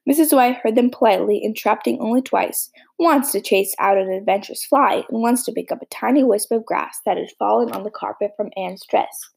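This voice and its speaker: Gravelly, husky woman reading a storybook. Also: a little high, brisk, hardly any pauses, low-quality recording. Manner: steady reading with small slips. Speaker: audiobook reader.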